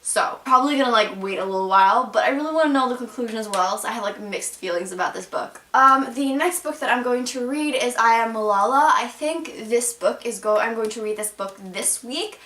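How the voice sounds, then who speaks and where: A woman's voice: on the high side, brisk, few pauses, fairly bright tone. A young woman chatting casually about the books she plans to read, with lots of "like" fillers. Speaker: book vlogger. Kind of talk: casual book haul chat. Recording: echoey room from far off.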